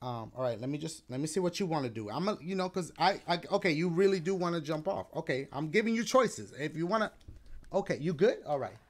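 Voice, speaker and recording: Laid-back man with a lively, high voice. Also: fast talker. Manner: laid-back, rambling, playful slang. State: a little out of breath. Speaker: gaming YouTuber. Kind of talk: casual outro chat to viewers and his dog.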